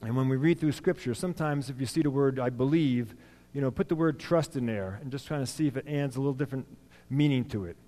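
Man, lay preacher, informal sermon, conversational with fillers, mellow voice, reverberant church hall. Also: mid-range voice, quick pace. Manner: plain, conversational, many "you know" fillers and restarts.

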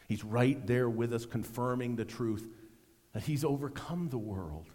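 A middle-aged man preaching a sermon, swinging between loud emphasis and hushed, almost whispered lines. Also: mid-range voice, a little slow, long reverb tail. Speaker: pastor.

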